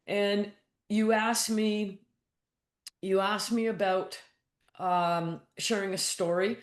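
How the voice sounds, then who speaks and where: A woman's voice: mid-range voice, steady tone, takes it slowly, reverberant. A woman guest coach speaking frankly and bluntly in a casual interview, acting out her own thoughts in quotes and swearing now and then. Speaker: guest, mental toughness coach.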